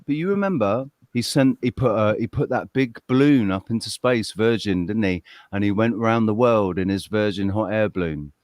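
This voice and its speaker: A man's voice: on the low side, moderate pace, hardly any pauses, darkish tone, no echo. Banter-prone man, dry sound. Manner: bantering, swears freely, calls people mate. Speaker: podcast host. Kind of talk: casual chat.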